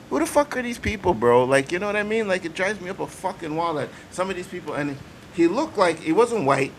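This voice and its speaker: A man's voice: a little high, a bit bright, slight background noise. A man hosting a casual livestream talk show, telling stories in a profane, emphatic way. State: coughing. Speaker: show host.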